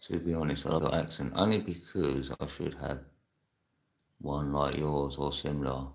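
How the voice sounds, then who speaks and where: Male live-stream host, extremely low and gravelly voice, loose rambling chat with frequent laughs. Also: steady tone, normal speed. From London. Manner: reads and answers viewer chat. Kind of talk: casual live-chat monologue.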